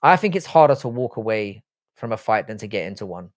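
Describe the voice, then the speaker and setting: A livestream host with a lowish, sing-song voice reads chat messages aloud and answers them in a casual, offhand and profane way, speaking briskly. The recording is dry and studio quality.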